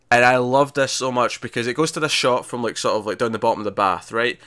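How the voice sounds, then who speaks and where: A man's voice: mid-range voice, fairly even intonation, quick pace, few pauses, bright, forceful tone, smooth, no room sound, clean studio sound. A man co-hosting a casual TV review chat, recapping scenes animatedly with frequent laughs and restarts. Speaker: podcast co-host reviewing a TV episode.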